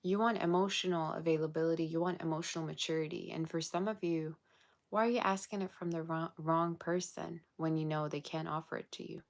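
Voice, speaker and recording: Low-voiced tired woman reading tarot. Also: steady tone, fairly quick. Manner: chatty, blunt, exasperated asides. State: tired, yawning. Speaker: tarot reader. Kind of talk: casual livestream tarot reading.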